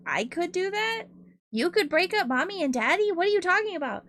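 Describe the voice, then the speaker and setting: A woman's voice: sits high, expressive, moderate pace, a bit bright, no echo, clean studio sound. A woman hosting a casual art livestream, chatting and giggling a lot and swearing freely. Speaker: Twitch art streamer.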